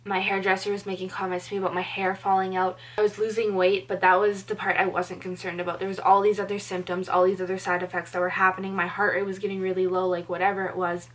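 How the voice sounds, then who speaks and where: A young woman from Canada talks straight to the camera about her own life. She is earnest and chatty and leans on "like" as a filler. Her voice sits at an ordinary middle pitch for a woman. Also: little pitch movement, fast talker, few pauses. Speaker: vlogger. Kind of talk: personal storytelling to camera.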